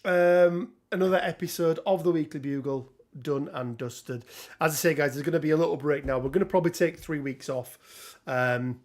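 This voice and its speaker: A man's voice: on the high side, moderate pace. Chatty giggling male stream host. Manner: laughs often, many ums. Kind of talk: casual livestream chat.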